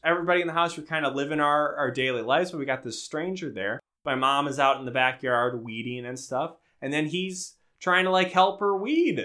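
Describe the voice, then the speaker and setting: A man's voice: a little high, brisk, few pauses, pushed and bright. A young man co-hosting a podcast, telling a rambling, self-deprecating story in casual chat. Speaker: podcast co-host.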